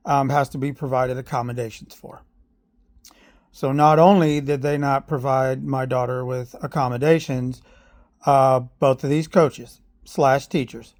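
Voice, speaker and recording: A middle-aged man, a parent, telling his complaint in a personal video with earnest, halting speech full of fillers and a growing sense of grievance. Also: medium pitch, a little mellow. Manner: aggrieved, heats up when recounting.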